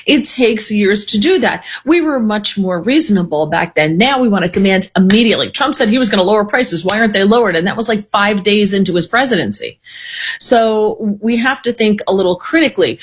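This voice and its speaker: Brief: woman political commentator, husky, animated, talks fast in bursts. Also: mid-range voice. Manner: opinionated, animated, quick asides. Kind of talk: casual political chat.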